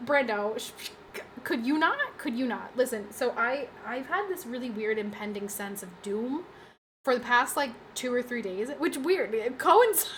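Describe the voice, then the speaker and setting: A woman's voice: on the high side, fairly bright tone, slight background noise. A tired young woman streamer chatting casually, rambling and joking at her own expense with frequent laughs. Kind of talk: casual livestream chat.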